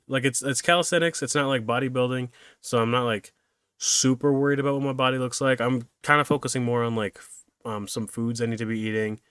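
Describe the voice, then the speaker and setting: A man's voice: lowish voice, fairly bright tone, clear, resonant tone, no echo, clean studio sound. A young man hosting a solo podcast, rambling and self-deprecating, laughing easily as he chats. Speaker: podcast host.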